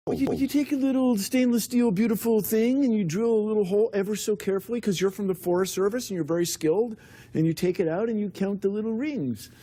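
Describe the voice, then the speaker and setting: Husky high-voiced man explaining science. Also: fast, dark tone. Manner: earnest, explanatory. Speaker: science guest on a talk show. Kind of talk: talk show conversation.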